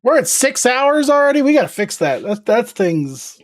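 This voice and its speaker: A woman's voice: on the high side, sing-song, normal speed. A woman hosting a casual livestream, chatting playfully with viewers and talking to her dog. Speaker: livestream host.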